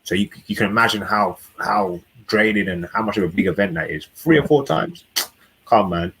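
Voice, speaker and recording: A man's voice: on the low side, brisk, a bit bright, breathy edge, poor audio. A young man chatting casually and laid-back, giving dating advice. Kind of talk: casual chat.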